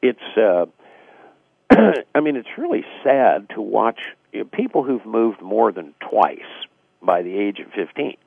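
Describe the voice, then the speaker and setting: Radio guest, male, low gravelly husky voice, reflective, over a tinny phone line. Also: sing-song, unhurried, dry recording. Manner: reflective, acts out quoted dialogue, frequent fillers. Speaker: guest author. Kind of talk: casual radio interview explanation.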